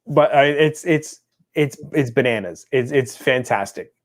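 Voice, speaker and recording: On a casual chat show, a male co-host tells a meandering story in an unhurried, conversational, mid-pitched voice. He keeps restarting and briefly performs the voices of the people involved.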